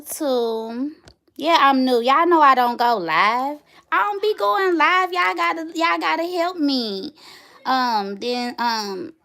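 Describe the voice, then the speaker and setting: Chatty woman hosting a casual livestream. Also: high-pitched. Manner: chatty, animated storytelling, addresses viewers directly. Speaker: livestream host.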